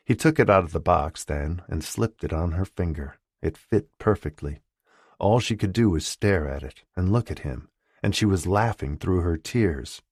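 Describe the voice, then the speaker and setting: A man narrating an audiobook romance in scripted narration, expressive and shifting voices for characters. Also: sits low, normal speed, breathy edge, no room sound, studio quality. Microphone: close studio mic.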